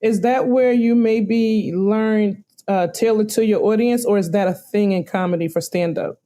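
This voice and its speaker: Woman host with a mellow voice. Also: mid-range voice, normal speed. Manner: short encouraging responses and questions. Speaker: interview host. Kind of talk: casual interview.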